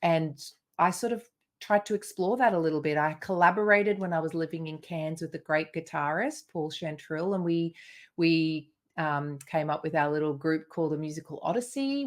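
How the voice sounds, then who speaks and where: A woman co-hosting a podcast, telling her story in a reflective way with frequent ums and you knows. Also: on the low side. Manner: reflective, thoughtful storytelling with fillers like um and you know. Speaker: podcast co-host and singer. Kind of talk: casual chat.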